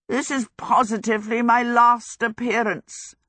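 A vain young wizard with a heavy cold, croaking and playing for sympathy in a higher, louder voice than the reader's own, as a woman reads him aloud. Every line is theatrical and sorry for itself. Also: a little slow, dry recording, studio quality, close to an everyday voice. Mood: self-pitying. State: hoarse with a cold.

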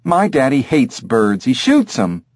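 A man's voice: medium pitch, sing-song, unhurried, a little mellow, no room sound, clean studio sound, voice pushed up. A man voicing a breezy, offhand young woman.

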